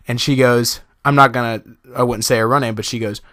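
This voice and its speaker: A man's voice: mid-range voice, a little fast, hardly any pauses, a bit bright, no room sound, studio quality. A young man casually telling a personal story to his viewers, chatty and laughing often, with many fillers. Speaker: vlogger.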